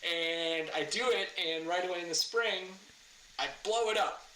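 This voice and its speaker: Guy telling a story on a podcast, bright punchy voice, acts out quotes, roomy echo. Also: sits high, unhurried. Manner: animated, acts out quotes loudly, swears, laughs. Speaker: guest, car builder and former racer. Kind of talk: casual storytelling in a podcast interview. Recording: echoey room with faint ambient noise.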